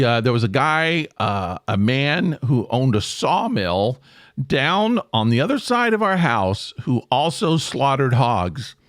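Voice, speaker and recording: A middle-aged man hosting a casual solo podcast, rambling and self-deprecating, jumping up in pitch for emphasis. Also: fairly bright tone, dry recording, studio quality. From American South. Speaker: podcast host.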